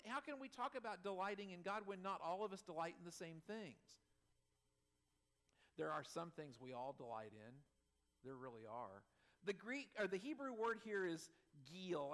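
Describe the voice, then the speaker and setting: Man, middle-aged, pastor, sermon, fairly high voice, lively emphasis, soft chuckling asides. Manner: animated, swings between loud emphasis and soft asides, chuckles.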